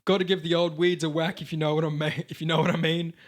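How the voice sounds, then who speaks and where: A man's voice: fairly high pitch, flat delivery, fast talker, natural voice. A man with an Australian accent putting on a crude, chummy middle-aged Aussie bloke with a teasing, matey manner. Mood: joshing. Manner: blokey, matey, teasing, laughing through lines.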